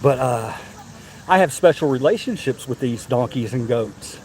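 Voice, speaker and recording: A man's voice: medium pitch, lively intonation, moderate pace, a little mellow, a little hiss or hum. A man giving a casual, laughing live tour of a zoo, chatty and a bit winded as he walks. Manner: chatty, laughing, repeats himself. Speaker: vlogger touring a zoo. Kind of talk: casual live-stream chat. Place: outdoors at a zoo.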